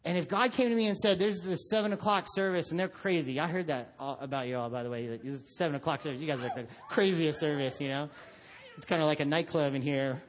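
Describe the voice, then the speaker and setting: A middle-aged man preaching a sermon, telling stories about his son and acting out voices. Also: quick pace. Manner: animated storytelling, acts out his son in a high voice. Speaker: pastor.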